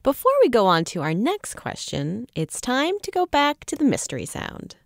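A woman's voice: a little high, huge pitch swings, normal speed, slight background noise. A woman hosting a science show for children, leading into questions and answers in an upbeat way. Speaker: host.

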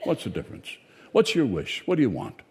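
A man doing a gruff, cynical talking fish. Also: mid-range voice, huge pitch swings, a little fast, darkish tone. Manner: blunt, world-weary, wisecracking.

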